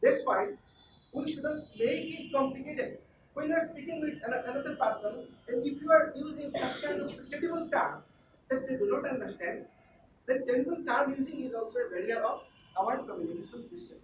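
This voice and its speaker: A woman's voice: high-pitched, normal speed. A woman giving a classroom lecture, repeating her points and quizzing the class. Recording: echoey room, far from the mic, noisy.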